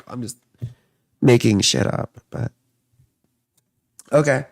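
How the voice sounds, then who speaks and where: A man's voice: medium pitch, lively intonation, slow, vocal fry, long pauses, no echo, studio quality. A man giving a casual, rambling horoscope reading from his living room, chatting and drifting between topics. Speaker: astrologer and tarot reader.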